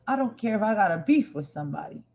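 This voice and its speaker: A woman's voice: mid-range voice, lively intonation, quick pace, gravelly, darkish tone, rough recording. A woman hosting a live stream, talking with feeling and emphasis, repeating her points and speaking straight to her viewers. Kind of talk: impassioned live stream commentary.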